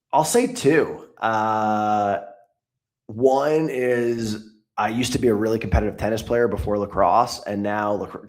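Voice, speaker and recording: A man speaking as a guest in a casual interview, answering in a reflective, thoughtful way. He often restarts as he works through an idea. His voice sits slightly low.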